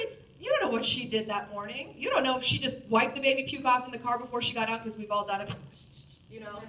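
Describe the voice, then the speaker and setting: A woman in her forties telling a self-mocking story to an audience in a lively, animated way. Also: high-pitched, slight background noise. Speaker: speaker. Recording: roomy, distant from the mic.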